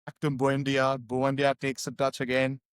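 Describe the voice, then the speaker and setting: A man co-hosting a casual football podcast, talking in an excitable, chatty way with lots of fillers. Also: medium pitch, moderate pace, clear, resonant tone, dry recording. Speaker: podcast co-host.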